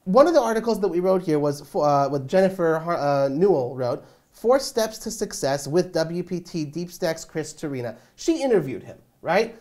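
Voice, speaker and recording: A woman's voice: on the low side, moderate pace. Chatty woman co-hosting a poker talk show. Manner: animated, chatty, lots of fillers. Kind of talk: casual chat.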